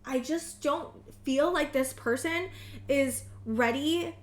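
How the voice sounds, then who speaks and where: A woman in her thirties giving a casual tarot reading to camera, earnest and halting, often repeating words. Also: high voice, a little hiss or hum. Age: 30s. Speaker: tarot reader. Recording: roomy echo.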